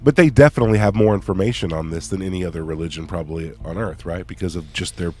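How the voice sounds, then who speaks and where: A man's voice: sits low, fast, a little mellow. A man co-hosting a podcast in casual chat, laid-back and asking questions. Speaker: podcast co-host.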